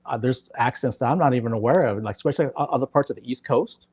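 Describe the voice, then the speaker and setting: A man's voice: mid-range voice, fast talker, a little mellow, breathy edge, no room sound. An American man hosting an interview, talkative and thinking aloud in casual chat. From United States. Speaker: interviewer host. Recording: dull lo-fi audio.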